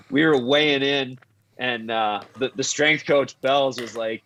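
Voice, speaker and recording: A former hockey player with a bright, forceful voice tells locker-room stories. He laughs through his anecdotes and hesitates on fillers. His pitch sits right in the middle of the male range. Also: takes it slowly, rough recording. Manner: animated anecdote telling with frequent laughs and fillers. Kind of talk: casual storytelling.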